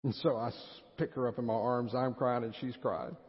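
A male pastor delivers a sermon in a church sanctuary, his storytelling building in emotional intensity. His voice sits at an ordinary male pitch. It carries a long hall echo with a dull, lo-fi recording sound. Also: fairly even intonation, moderate pace.

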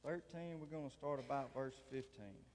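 A man's voice: medium pitch, moderate pace, a little mellow, slight background noise. Man preaching in an echoing hall. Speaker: lay preacher. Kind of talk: folksy sermon storytelling. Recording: long reverb of a large hall.

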